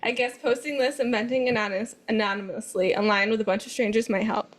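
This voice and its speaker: A woman co-hosting a podcast, reading forum posts aloud with an animated, laughing manner. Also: a little high, fast. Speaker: co-host.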